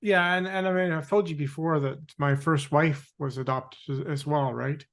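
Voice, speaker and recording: Male host, fairly high voice, halting, lots of restarts. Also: steady tone. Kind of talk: casual chat.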